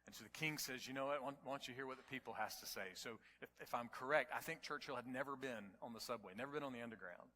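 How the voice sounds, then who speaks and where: A man preaching a sermon to his congregation, telling stories and building to near-shouts at the climaxes. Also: mid-range voice, fast, hardly any pauses, big-room sound. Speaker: pastor. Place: church sanctuary.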